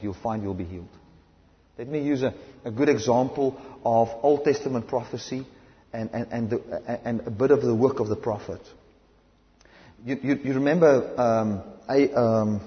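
Male South African preacher, fervent sermon, muffled lo-fi sound, echoing hall. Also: medium pitch. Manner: impassioned, swings between loud emphatic and hushed delivery. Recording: dull lo-fi recording in a reverberant hall.

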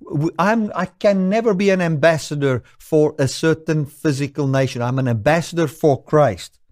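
A man from South Africa preaching a sermon, earnest, slowing down to stress key lines. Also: fairly high pitch, a little mellow, no room sound, studio quality.

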